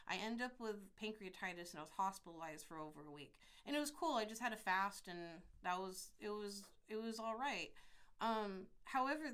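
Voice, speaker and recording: A woman's voice: medium pitch, fairly bright tone, clean tone. A middle-aged woman from California, hosting a podcast in a blunt, profane, rambling casual monologue. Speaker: podcast host.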